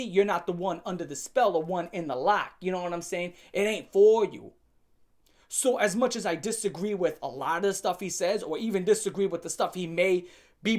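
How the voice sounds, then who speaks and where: Blunt, sarcastic woman ranting. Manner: emphatic, swings up and down in pitch and loudness. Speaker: commentary channel host. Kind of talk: opinion rant to camera.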